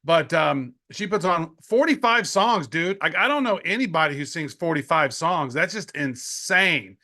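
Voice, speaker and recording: Bright, excitable male podcast co-host. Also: fairly high pitch, moderate pace. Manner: excitable, slangy, laughs often. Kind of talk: casual podcast chat.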